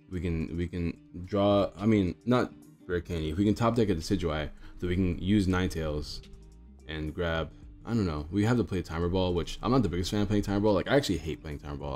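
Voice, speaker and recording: A young man with a hoarse, groggy voice, chatting casually while commentating a card game he is playing. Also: deep voice, darkish tone. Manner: chatty, thinks aloud with fillers.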